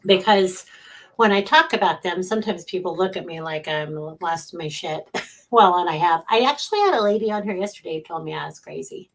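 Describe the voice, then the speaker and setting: A woman's voice: fairly low pitch, lively intonation, a little fast. A middle-aged woman hosting a casual livestream as a psychic medium, chatting from home, greeting viewers by name and laughing often.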